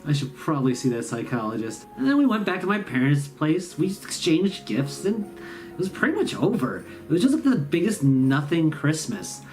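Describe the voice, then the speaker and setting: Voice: medium pitch, big pitch swings, normal speed, a little mellow, soft background music. A host, telling a sarcastic, rambling comic story about the holidays. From Midwestern US. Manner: sarcastic, rambling, self-mocking. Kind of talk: comedic storytelling monologue.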